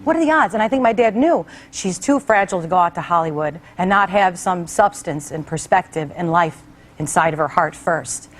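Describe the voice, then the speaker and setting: This middle-aged talk show host has a voice on the low side and talks at a moderate pace. Her heartfelt personal story comes out conversationally, with animated voices for the people she quotes.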